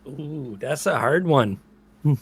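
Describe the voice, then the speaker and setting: A man playing an easygoing dating-show contestant who muses aloud in a relaxed way. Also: mid-range voice, slow, breathy edge, full character voice. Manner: relaxed, musing, lots of 'you know'. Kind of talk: comedic improvised dating game.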